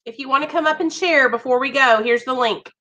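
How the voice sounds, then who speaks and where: A young woman chatting warmly with viewers on a livestream, greeting them by name. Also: sits high, brisk, background noise. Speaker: livestream host. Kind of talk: casual livestream chat.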